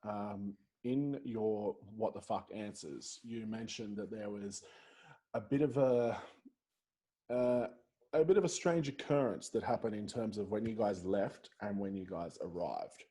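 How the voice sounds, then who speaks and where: Male podcast host, dark mellow timbre, slightly husky; curious, casual, rambling questions. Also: on the low side, unhurried. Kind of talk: casual interview.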